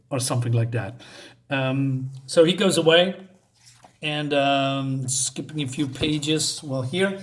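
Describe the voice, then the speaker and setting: A man's voice: medium pitch, unhurried. A man casually talking through a comic book issue, hesitant and full of ums and uhs, often correcting himself.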